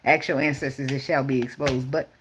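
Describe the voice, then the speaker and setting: A woman's voice: rumbling low, steady tone, brisk. A woman giving a loose, profane, joking tarot reading to her viewers from her phone at home. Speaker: tarot reader. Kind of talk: casual spiritual reading vlog. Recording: noisy phone recording.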